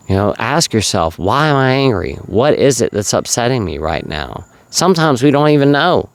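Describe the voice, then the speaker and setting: A man's voice: fairly low pitch, smooth, dry recording. A man giving casual, earnest advice as a vlogger, rambling and full of fillers. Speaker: vlogger sharing recovery advice.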